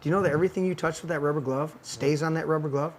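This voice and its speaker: Man ranting heatedly, slightly high voice. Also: fairly even intonation, very fast, slight background noise. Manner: heated, profane storytelling rant. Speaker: podcast host. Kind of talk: casual ranting talk show.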